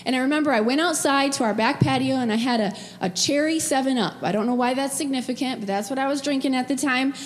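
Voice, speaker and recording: A woman's voice: sits high, fast, few pauses. A middle-aged woman pastor giving an emotional, personal sermon in a church. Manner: emotional, tearful at times, personal storytelling. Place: church sanctuary. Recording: long hall reverb.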